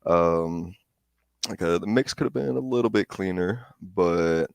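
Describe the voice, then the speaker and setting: Male co-host, deep gravelly voice, loose and unhurried. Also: dry recording. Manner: laid-back, full of filler words. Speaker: co-host reviewing songs. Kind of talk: casual review chat.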